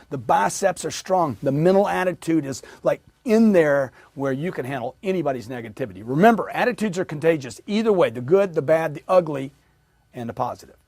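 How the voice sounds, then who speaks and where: Energetic man coaching a sales crowd. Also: a little high, no room sound. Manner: energetic, emphatic, drills audience with repetition. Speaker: sales trainer. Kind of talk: motivational sales training talk.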